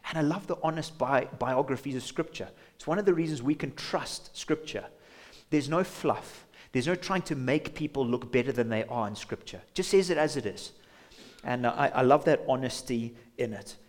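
A man preaching a sermon as pastor in a church, passionate, sometimes acting out imagined voices. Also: medium pitch. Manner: impassioned, acts out imagined inner voices.

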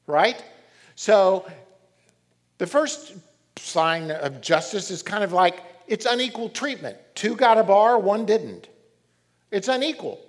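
Middle-aged male preacher, slightly high-pitched, animated storyteller. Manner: animated storytelling, reads scripture aloud. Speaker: pastor. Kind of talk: sermon.

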